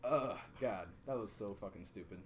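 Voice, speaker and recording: A young man, podcast co-host, telling a work story in a casual, profane, animated way and acting out both sides. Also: fairly low pitch, normal speed, slight background noise.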